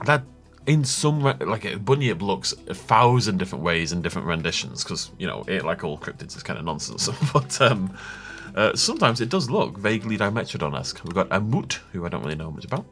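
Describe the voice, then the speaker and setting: A man's voice: sits low, very animated, a little fast, fairly bright tone, soft background music. A man hosting a Minecraft let's-play, rambling and thinking aloud as he chats casually with his viewers. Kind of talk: casual gameplay commentary.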